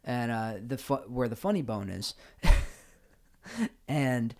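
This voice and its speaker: A man's voice: medium pitch, big pitch swings, takes it slowly. A man chatting as a guest on a casual podcast, asking questions and chuckling. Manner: curious, asks questions, chuckles.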